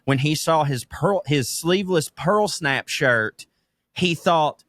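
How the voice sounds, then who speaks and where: Male podcast co-host, teasing, lively high voice, dry close mic. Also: slow, no room sound. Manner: laughs often, teasing, swears. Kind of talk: casual chat.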